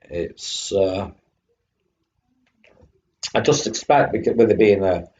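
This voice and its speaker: Slow-talking man streaming retro games, coughing. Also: lowish voice, dark tone. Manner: chatty, greets chat viewers by name. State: coughing fit. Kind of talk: live-stream commentary. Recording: dull lo-fi stream audio with faint hum.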